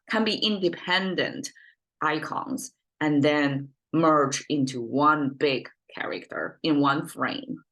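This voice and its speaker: A middle-aged woman with a Chinese accent and a notably low voice teaches her native language in an unscripted lesson. She thinks aloud as she goes, with plenty of ums, uhs and false starts. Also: fairly bright tone. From China. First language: Mandarin Chinese. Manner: thinks aloud with many fillers and restarts.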